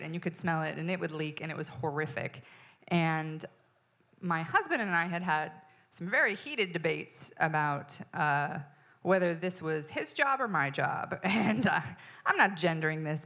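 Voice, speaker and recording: A woman comedian telling a profane, exasperated story on stage, now and then bursting into loud yelling. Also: lowish voice. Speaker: stand-up comedian. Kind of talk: stand-up storytelling.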